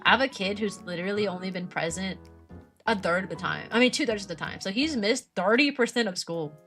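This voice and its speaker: A young woman, a streamer who teaches kindergarten, chatting casually and animatedly about her work, often mimicking parents in a higher voice. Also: expressive, brisk, fairly bright tone, soft background music. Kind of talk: casual chat.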